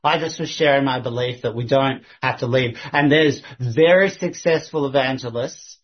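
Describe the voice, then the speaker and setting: A man casually recounting a conversation, animated and laughing, often restarting his sentences. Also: mid-range voice, moderate pace. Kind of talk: casual personal storytelling. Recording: dull lo-fi recording.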